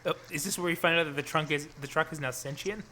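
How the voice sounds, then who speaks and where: A man's voice: on the high side, steady tone, fast, sharp tone, slight background noise. A man co-hosting a podcast who jokes and laughs through casual movie commentary. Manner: joking, laughs often. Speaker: podcast co-host.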